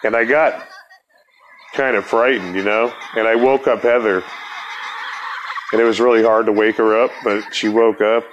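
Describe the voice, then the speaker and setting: A man's voice: fairly low pitch, steady tone, normal speed, long pauses, lo-fi sound, background noise. A man telling a rambling, profane story as a podcast host, laughing as he talks. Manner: laid-back, profane, laughs through story.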